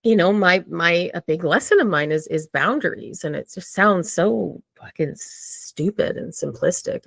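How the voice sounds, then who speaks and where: A woman's voice: fairly low pitch, expressive, unhurried, gravelly, hardly any pauses, fairly bright tone, no echo. Candid woman, dry close sound. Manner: candid, swears freely, acts out her own inner voice. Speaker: podcast guest. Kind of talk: casual conversation.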